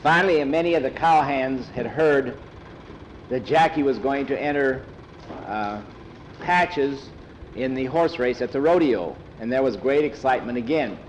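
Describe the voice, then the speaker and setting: A man telling a story aloud in a plain, unhurried, homespun way. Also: medium pitch, a little hiss or hum, poor audio. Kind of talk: oral storytelling.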